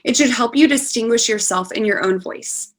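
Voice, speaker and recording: A woman's voice: a little high, normal speed. A woman teaching an online class on scholarship essay writing, speaking patiently and reading a student's essay aloud over a video call. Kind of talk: online lecture.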